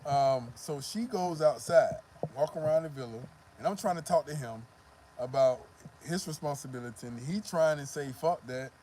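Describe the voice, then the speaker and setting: A man tells a loose, profane story straight to camera, circling back with constant "you know what I mean"s. His voice sits a little high for a man but sounds warm and mellow, with a faint hiss under it. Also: moderate pace. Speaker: vlogger.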